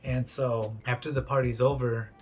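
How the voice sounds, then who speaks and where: A man retells a story in a loose, chatty way, peppering it with "like" and "you know" and briefly acting out what the characters say. His voice sits at an ordinary middle pitch. Soft music plays quietly underneath. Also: level tone, moderate pace. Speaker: book summary presenter. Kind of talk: casual spoken book summary.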